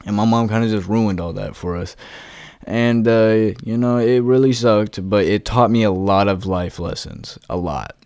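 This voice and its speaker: A young man from West Virginia tells a personal story with casual, profane ease. His voice sits a little low and comes through smooth and clear. The recording is close and dry. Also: moderate pace, a little mellow, no room sound. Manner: loose, profane and laid-back, acting out quoted voices. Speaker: vlogger.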